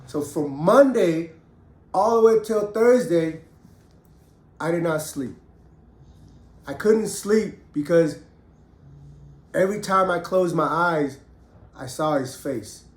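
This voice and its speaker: A man's voice: on the high side, animated, slow, pauses often, roomy sound. A middle-aged man and former prisoner telling his own story bluntly and with heat, swearing freely. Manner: blunt, profane, emphatic, heated. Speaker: ex-convict storyteller. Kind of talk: candid personal storytelling.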